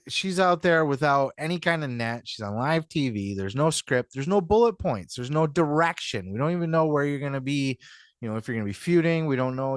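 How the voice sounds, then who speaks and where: A man's voice: medium pitch, clean tone, dry recording, clean studio sound. A man hosting a podcast, talking in a rambling, casual commentary style with lots of "you know what I mean" and some swearing. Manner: acts out quotes in mock voices. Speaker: podcast host.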